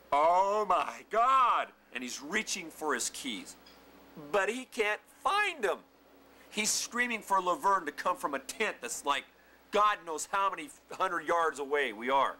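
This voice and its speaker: A man telling a funny personal anecdote aloud, animated and vivid, acting out what people said. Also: medium pitch, a little hiss or hum. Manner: animated, acts out quotes and shouts. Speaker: storyteller.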